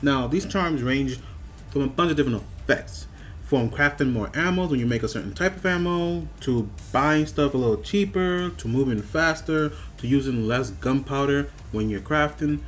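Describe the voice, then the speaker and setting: A man reviewing a video game in a scripted voice-over, breaking into animated, mock-outraged rants with repeated questions. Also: medium pitch.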